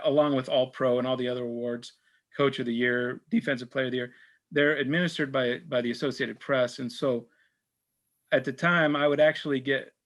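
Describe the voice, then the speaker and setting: A middle-aged sportswriter talking casually to a church supper group, telling anecdotes with many fillers and restarts. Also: male voice, medium pitch, a bit bright. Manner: rambling, full of fillers and restarts; tells anecdotes, acts out quoted exchanges. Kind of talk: casual talk and Q&A.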